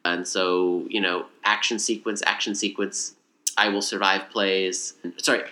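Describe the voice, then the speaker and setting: A man casually recapping a movie in a rambling, animated way. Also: low voice, measured pace. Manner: rambling, animated retelling with acted quotes. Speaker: podcast co-host.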